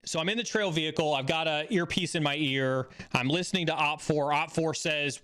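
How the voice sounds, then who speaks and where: A man hosting a live stream, telling a story in a casual, animated way that rises excitedly when he acts out a scene. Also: a little high, fairly quick, hardly any pauses, clean tone. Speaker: stream host.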